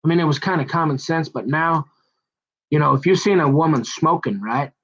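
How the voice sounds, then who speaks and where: Rambling comic man, slightly high voice. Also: brisk, fairly bright tone, poor audio. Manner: rambling, self-mocking, slips into put-on voices. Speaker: comedian.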